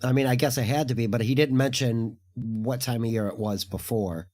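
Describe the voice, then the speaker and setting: A man's voice: mid-range voice, steady tone, normal speed, darkish tone. A man co-hosting a casual chat, speaking hesitantly with many fillers and apologies. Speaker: co-host.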